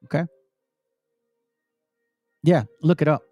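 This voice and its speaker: A man's voice: a little high, steady tone, takes it slowly, warm tone, dry recording, faint music behind. A man hosting his own channel, giving heated, preachy commentary over video clips and speaking straight to his listeners. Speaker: channel host reacting to videos.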